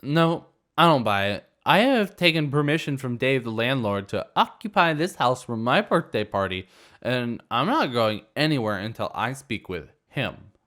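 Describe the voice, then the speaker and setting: A man's voice: sing-song, moderate pace, a bit bright. A man voicing a drunk, rude young woman partygoer in a story reading, whiny and slurring. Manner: slurring, whiny, shrill outbursts.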